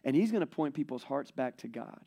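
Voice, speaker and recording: A man preaching a sermon, retelling scripture in a chatty, animated way. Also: mid-range voice, brisk, creaky. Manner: conversational, animated storytelling. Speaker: pastor.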